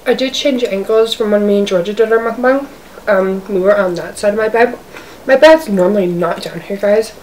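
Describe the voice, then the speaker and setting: A woman with a darkish, mid-range voice talks at a moderate pace while eating on camera in her apartment as a mukbang vlogger. Her chatter is casual and rambling, peppered with "like." Faint hiss comes through from the distant, zoomed-out camera mic.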